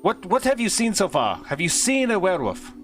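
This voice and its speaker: A man running a tabletop game as game master, narrating with an animated, joking manner. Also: high-pitched, fairly quick, soft background music. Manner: animated, laughs and swears casually.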